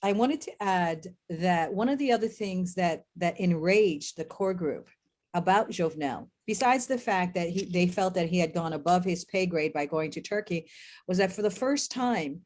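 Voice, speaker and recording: A woman speaking as a panel guest on a video call, giving political commentary in a measured, deliberate way. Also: lowish voice, expressive, a little mellow.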